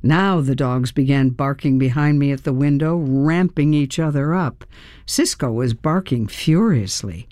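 An audiobook narrator reading a first-person story in an unhurried storytelling manner, acting out the dialogue lines. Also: medium pitch, darkish tone, dry recording, clean studio sound.

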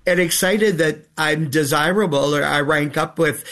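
A man's voice: on the high side, moderate pace, a bit bright. An older man and drag performer speaking as an interview guest, talking in a theatrical, wistful and self-deprecating way. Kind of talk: radio interview.

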